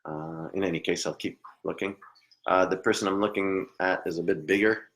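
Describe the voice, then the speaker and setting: A man's voice: low-pitched, fairly even intonation, fairly quick, a bit bright. A man working as a psychic medium during a live online reading, hesitant and apologetic, laughing often and trailing off into murmurs. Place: at home at a computer.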